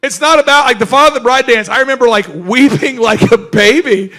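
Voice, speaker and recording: A man hosting a business workshop, talking to a live audience in an animated, joking way and firing questions at the crowd. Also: very high-pitched, fairly quick. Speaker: host. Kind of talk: energetic business workshop talk.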